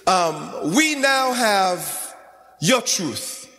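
High-voiced chanting preacher in a reverberant church. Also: male voice, big pitch swings, very slow, pushed and bright. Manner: chanting, sing-song preaching with repetitions. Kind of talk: sermon.

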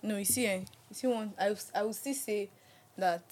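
A woman's voice: medium pitch, darkish tone, breathy edge. A woman co-hosting a podcast, reacting candidly in casual chat. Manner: quick, reactive interjections, candid. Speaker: podcast co-host.

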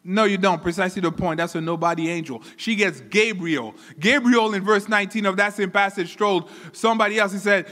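A high, bright-voiced man preaches in a church, animated and often repeating words as he builds toward each point. His voice rings with long reverb from the hall around him. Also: brisk, hardly any pauses, soft background music. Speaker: pastor. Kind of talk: sermon.

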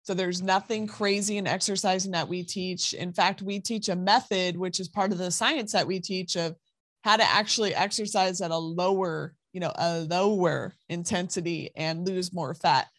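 A woman's voice: fairly low pitch, steady tone, normal speed, a bit bright, no room sound. A woman speaking as a guest on a podcast interview, earnest and reassuring as she explains her program.

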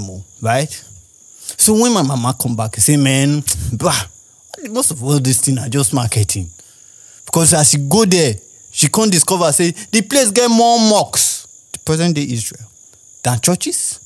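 A young Nigerian man with a Nigerian accent, rambling through a casual monologue as a podcast host and firing off rhetorical questions. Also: on the high side.

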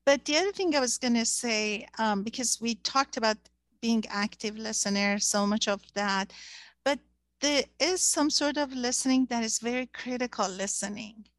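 A woman's voice: on the high side, normal speed, dry recording. A woman whose first language is Persian, talking in a casual discussion and searching for words with many fillers.

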